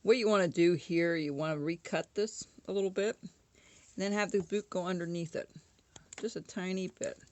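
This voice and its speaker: A woman's voice: on the low side, fairly even intonation, normal speed, darkish tone. A woman casually talking through a woodcarving tutorial at home, chatty and often correcting herself. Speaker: woodcarving instructor.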